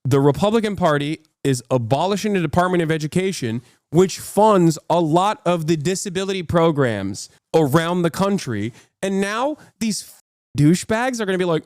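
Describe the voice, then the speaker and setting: A man in a heated live-stream rant, cursing freely and hammering his points with mounting anger. His voice sits a little high for a man and is captured close and dry, with no room sound at all. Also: big pitch swings, fairly quick, no room sound. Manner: heated, profane ranting. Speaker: political commentator and streamer.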